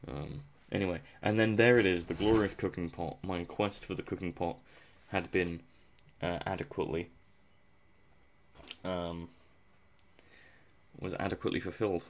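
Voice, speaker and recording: Low-voiced man rambling over gameplay. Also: steady tone, moderate pace, pauses often, a little hiss or hum. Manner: rambling, self-mocking, chuckles often. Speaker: gameplay commentator. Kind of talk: casual post-recorded game commentary.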